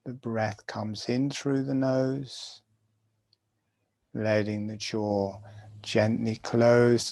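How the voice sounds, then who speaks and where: Slow, gravelly-voiced man guiding breathing. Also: mid-range voice. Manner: slow, soft-spoken, calm guidance. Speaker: breathwork teacher. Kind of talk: guided breathing instruction.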